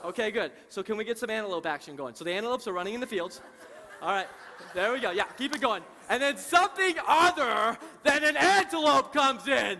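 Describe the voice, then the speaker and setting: High, bright man co-presenting in a hall. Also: animated, fast. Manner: playful, jokes and drives audience participation. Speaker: seminar co-presenter. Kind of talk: live seminar teaching. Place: conference hall before an audience. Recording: reverberant hall sound.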